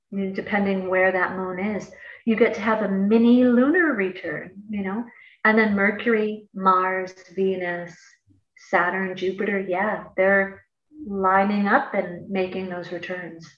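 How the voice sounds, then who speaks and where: An astrologer guest with a medium-pitched voice chats casually and explains astrology in a loose, playful way, often laughing and dropping slangy asides. She sits far from the mic in a roomy space, and her tone comes across slightly dull.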